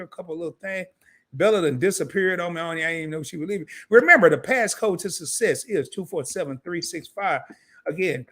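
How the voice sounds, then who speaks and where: A man hosting a live stream, wrapping up the show with loose, slangy banter and quick asides to his viewers. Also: a little high, a bit bright. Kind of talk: casual live stream sign-off.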